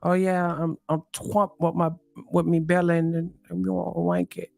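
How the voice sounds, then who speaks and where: A man's voice: on the high side, completely flat delivery, moderate pace, creaky, no echo, voice pushed up. A man voicing a crude, cheeky British bloke in a mock British accent, exaggerated and sing-song. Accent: put-on British.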